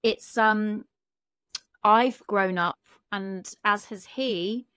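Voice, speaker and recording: A woman's voice: medium pitch, drawn-out words, a bit bright, clear, resonant tone, dry recording, clean studio sound. A British woman, a relationship coach, talking frankly on a podcast and swearing casually. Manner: frank, chatty, swears casually, many fillers. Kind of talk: candid podcast conversation.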